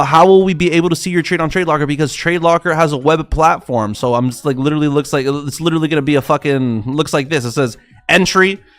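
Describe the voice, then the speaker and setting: A young man, rambling and swearing as he chats with his livestream viewers about trading. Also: on the high side. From South Florida. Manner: rambling, profane, excitable, talks to chat. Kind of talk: casual livestream chat.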